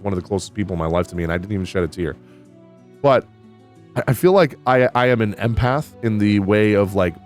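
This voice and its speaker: A man reviewing a video game update in casual, candid talk, excitable and quick to swear. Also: on the low side. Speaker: gaming YouTuber.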